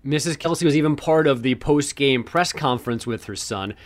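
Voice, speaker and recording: A man reading sports headlines on a talk show, delivering them briskly with wry asides. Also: mid-range voice. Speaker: sports news anchor.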